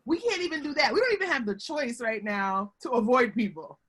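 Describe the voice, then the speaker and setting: Lively husky-voiced woman speaker. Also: fairly high pitch, a little fast. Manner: animated and chatty, keeps calling the audience y'all. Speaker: guest speaker on workplace relationships. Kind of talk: lively webinar talk. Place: home. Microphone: video call.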